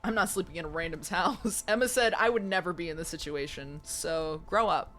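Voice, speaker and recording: A woman's voice: lowish voice, brisk, fairly bright tone, soft background music. A woman in her twenties streaming a game live, chatting playfully and joking with viewers. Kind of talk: live gameplay commentary.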